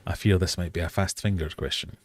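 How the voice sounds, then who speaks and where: A man's voice: deep voice, steady tone, a little fast. A man hosting a casual live-streamed quiz for fishkeepers, chatty and jokey with self-deprecating asides. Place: home fish room.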